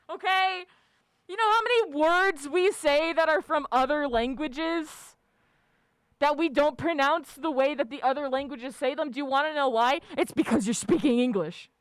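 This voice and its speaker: A woman's voice: high voice, moderate pace, no echo. A woman livestreamer chatting casually with her viewers, ranting with lots of swearing and frequent laughter. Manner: profane, ranting, laughs often. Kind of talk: casual live-stream chat.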